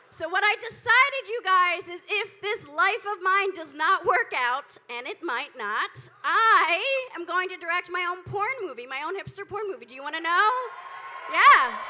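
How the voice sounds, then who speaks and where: With an extremely high, sharp-toned voice and slight background noise, a stand-up comedian works a comedy club stage indoors. Holding the mic, she spins stories laced with dry, profane remarks to the audience.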